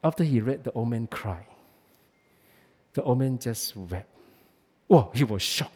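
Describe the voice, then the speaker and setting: A man's voice: mid-range voice, expressive, measured pace, darkish tone, breathy edge. Man preaching in an echoing hall. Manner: emphatic, many restarts and fillers. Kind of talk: sermon. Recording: long hall reverb.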